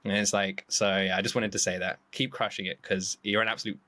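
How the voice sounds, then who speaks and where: A man guesting on a podcast in casual chat, excitable, jumping into a high voice when acting out quotes. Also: fast, dry recording. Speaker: podcast guest, YouTube reactor.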